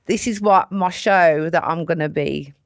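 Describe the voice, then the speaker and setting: A woman's voice: on the low side, unhurried, no room sound, studio quality. A woman comedian chatting as an interview guest, blunt and sweary with a self-mocking edge. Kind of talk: casual chat.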